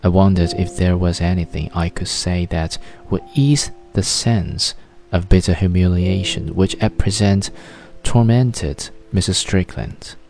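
A man reading a novel aloud in measured, literary scripted narration. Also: low voice, a little mellow. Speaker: audiobook narrator.

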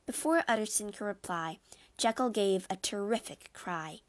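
A woman narrating a classic story in a measured, expressive storybook reading. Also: medium pitch.

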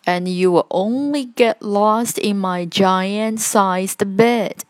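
A woman's voice: mid-range voice, takes it slowly, dry recording, close to an everyday voice. A woman voicing a giant teddy bear in a read-aloud storybook, bawling in a raised voice. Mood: tearful.

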